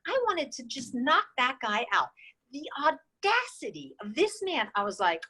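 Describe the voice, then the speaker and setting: A woman in her sixties, a guest in an interview, tells her stories with great animation and slips into the voices of the people she quotes. Her voice sits fairly high, with a bright, forceful edge. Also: measured pace, breathy edge, low-quality recording. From New York State. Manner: animated storyteller who acts out quoted dialogue. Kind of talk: casual storytelling interview.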